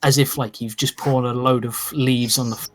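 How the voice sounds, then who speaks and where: A man's voice: medium pitch, little pitch movement, normal speed, fairly bright tone. A man narrating a tabletop game as game master in a loose, casual way, with lots of "uh" and "like". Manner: casual, hesitant narration full of "uh" and "like".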